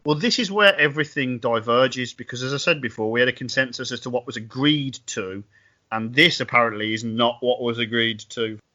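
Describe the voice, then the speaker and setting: A man co-hosting a podcast, recapping events in a wry, animated way. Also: mid-range voice, a little fast, highs cut off. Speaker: podcast co-host. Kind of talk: casual podcast chat.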